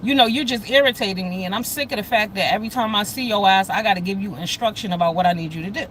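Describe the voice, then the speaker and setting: A middle-aged woman ranting to her livestream, blunt and unfiltered, her speech salted with profanity. She keeps breaking off to greet viewers by name as they join. Her voice sits in an ordinary middle pitch, with a faint hum of noise behind her. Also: quick pace, a bit bright, rough recording. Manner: blunt, profane, heated storytelling. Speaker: livestream host. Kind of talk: casual livestream rant.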